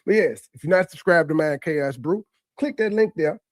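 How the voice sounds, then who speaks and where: A man's voice: fairly high pitch, normal speed, no echo. A man hosting a casual reaction commentary, talking in looping, stammering restarts. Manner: repetitive stammering restarts, conversational. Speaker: commentary host reacting to a replayed clip.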